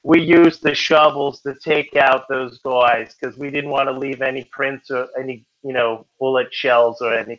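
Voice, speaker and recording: A man voicing a tough male New York mobster with a New York accent, gruff and boastful, as a teacher jokes during a lesson. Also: medium pitch, steady tone, moderate pace, hardly any pauses, fairly bright tone, lightly acted. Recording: dull lo-fi recording.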